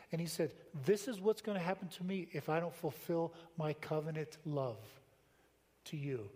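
An older man preaching a sermon to his church in a relaxed, conversational way, with anecdotes and frequent rhetorical questions. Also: fairly high pitch. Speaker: pastor. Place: church sanctuary. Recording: long hall reverb.

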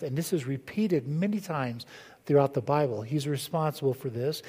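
A man's voice: a little high, normal speed, dark tone, husky, big-room sound. A male pastor preaching a sermon in a conversational way, asking the congregation questions as he goes.

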